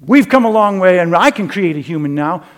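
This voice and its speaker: A man's voice: sits high, animated, fairly quick, voice pushed up. A man voicing a boastful male scientist in a joke during a sermon. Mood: brash.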